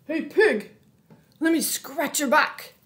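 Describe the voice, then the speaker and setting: A woman voicing an eager, playful, friendly male dog in a storybook, sounding excited. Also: high voice, takes it slowly, voice pushed up.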